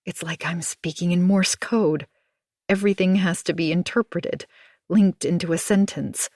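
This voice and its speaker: A woman narrating an audiobook in a measured, hushed first-person telling. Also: fairly low pitch, fairly even intonation, no echo, clean studio sound. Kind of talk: scripted narration.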